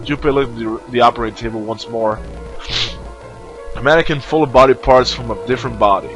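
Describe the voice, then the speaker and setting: A man hosting a let's play reads a game aloud, stumbling over words, laughing often, and poking fun at himself. He has a cold, and his mid-range, slightly bright voice moves a little fast. The low-quality recording carries soft background music.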